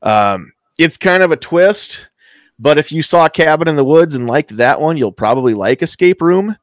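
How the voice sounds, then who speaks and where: A man's voice: on the high side, animated, moderate pace, dry recording. A man co-hosting a casual talk show about movies, rambling and restarting his sentences, laughing easily. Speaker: podcast co-host. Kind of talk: casual chat.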